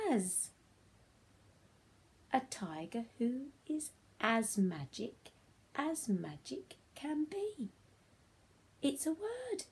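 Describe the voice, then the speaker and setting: A woman's voice: fairly high pitch, a little mellow. A woman teaching a phonics lesson to young children, speaking in a sing-song, encouraging way that often drops to a whisper.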